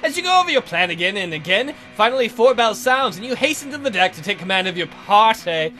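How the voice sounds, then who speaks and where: A man's voice: high voice, expressive, fairly quick, soft background music. A man hosting a let's play, reading a text adventure aloud with playful jokey commentary and silly voices. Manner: playful, bursts into silly put-on voices and shouts.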